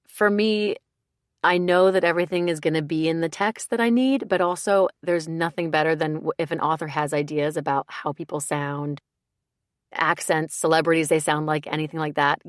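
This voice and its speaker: Low-voiced woman narrator, dry sound. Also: no echo. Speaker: audiobook narrator. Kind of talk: casual interview talk.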